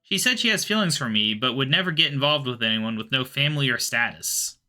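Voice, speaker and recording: A man's voice: mid-range voice, animated, brisk, pushed and bright, faint music behind, voice pushed up. A man reading aloud as a lovesick young tomcat, speaking earnestly. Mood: wistful.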